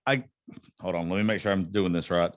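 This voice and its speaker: A podcast host with a Southern US accent, talking in a hesitant, self-conscious way in a casual interview. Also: male voice, low voice, brisk, dry recording, studio quality.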